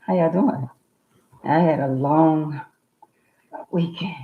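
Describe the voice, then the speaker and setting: A woman hosting a casual livestream, greeting viewers by name in a chatty, drawn-out way. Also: low voice. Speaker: livestream host. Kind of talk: casual live chat. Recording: tinny phone-like sound in an echoey room.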